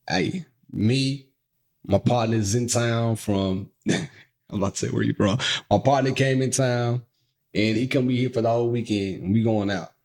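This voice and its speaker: A man's voice: medium pitch, gravelly. A man co-hosting a podcast in casual chat, telling stories playfully, laughing often and speaking straight to listeners. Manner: playful, animated storytelling with frequent laughs; addresses listeners directly. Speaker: podcast co-host.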